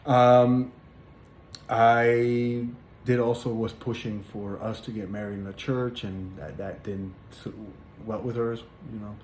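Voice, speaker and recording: A man sharing a personal religious testimony in casual spoken storytelling, earnest and halting, with many fillers and repeated words. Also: medium pitch, steady tone, a little mellow. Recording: echoey room with faint background noise.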